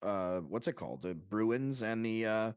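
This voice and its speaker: A man from Long Island, New York, co-hosting a laid-back podcast chat. He rambles excitedly and swears without thinking about it. His voice sits fairly low and sounds close and dry. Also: unhurried, clean tone, dry recording. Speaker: podcast co-host. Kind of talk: casual chat.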